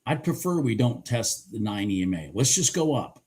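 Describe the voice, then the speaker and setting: A man doing live commentary on his day trades, hoarse and clearing his throat, cheering the chart on and swearing casually. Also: medium pitch, big pitch swings, normal speed, a little mellow.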